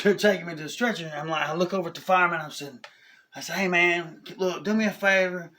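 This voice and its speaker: A man, telling a personal story in a casual, animated way, often asking "you know what I'm saying?". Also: on the high side. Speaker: vlogger.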